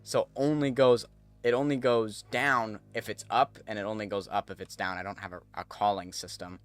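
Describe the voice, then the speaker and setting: A man's voice: on the low side, fairly even intonation, normal speed, clean tone, soft background music. A man streaming a game, chatting casually to viewers as he thinks aloud and corrects himself. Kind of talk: casual gameplay commentary.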